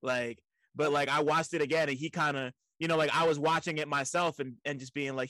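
A young man in casual chat, animated and profane, stammering repeats and laughing often. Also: a little high, fairly quick, dry recording, low-quality recording.

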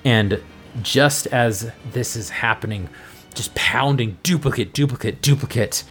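A man's voice: mid-range voice, measured pace, fairly bright tone, soft background music. Man narrating a tabletop game. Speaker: game master and podcast host.

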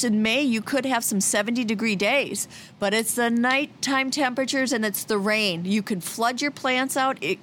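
A woman's voice: on the high side, fairly bright tone, a little hiss or hum. A woman, a garden expert, giving earnest plant-care advice in casual radio chat.

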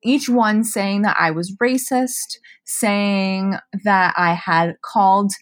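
Young woman, casual podcast chat, animated and profane, mid-pitched voice. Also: slow. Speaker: podcast co-host.

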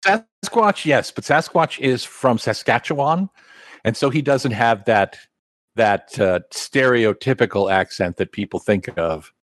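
A man's voice: medium pitch, unhurried, dry recording. A man co-hosting a comic book review podcast, chatting casually and full of trivia. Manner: knowledgeable, trivia-heavy, animated.

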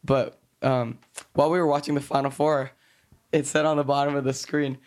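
A man's voice: medium pitch, flat delivery, a little fast, darkish tone. A young man hosting a casual podcast chat, laughing often and joking loosely. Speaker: podcast host.

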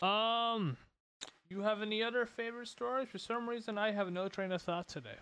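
A man's voice: sits high, steady tone, moderate pace, bright, forceful tone, smooth. A man hosting a podcast, chatting casually, swearing a lot and laughing often. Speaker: podcast host. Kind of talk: casual chat.

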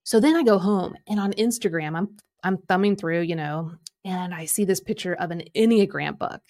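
A middle-aged woman coaching and telling a personal story in an animated way, acting out quoted lines. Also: fairly low pitch, normal speed. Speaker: Enneagram coach and podcast host.

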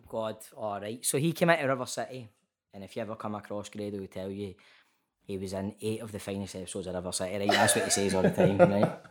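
A Scottish man with a fairly low voice chats loosely on a call, peppering his stories with "mate" and the odd swear word. He is an actor talking about his work in a relaxed, unguarded way. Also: a little fast. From Scotland. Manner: chatty storyteller, keeps saying mate, swears freely. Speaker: actor guest. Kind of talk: casual chat. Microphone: remote call.

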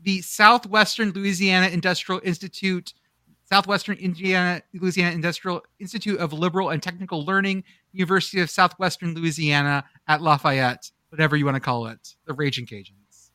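A man with a bright, somewhat high voice hosts a casual sports podcast. He jokes and teases his co-hosts, and he reads out game scores with excitable energy. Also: fairly quick, no echo, studio quality. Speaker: podcast host.

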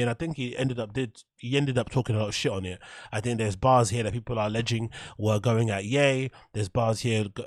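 A man's voice: mid-range voice, no room sound. A man hosting a podcast, rambling candidly through a casual monologue with plenty of fillers and the odd swear word. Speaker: podcast host.

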